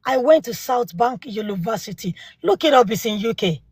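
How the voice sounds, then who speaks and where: A woman's voice: on the high side, expressive, moderate pace, darkish tone, breathy edge, no echo, clean studio sound. A woman in her forties with a non-native English accent, arguing emphatically in a heated live panel debate and repeating rhetorical questions.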